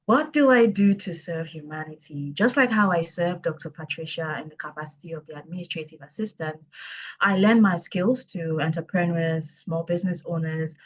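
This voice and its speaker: Speaking at a moderate pace in a voice on the low side, a twenty-something administrative assistant who co-authored a book chats casually. She's cheerful yet somewhat hesitant, saying um a lot, and the audio has a dull lo-fi sound.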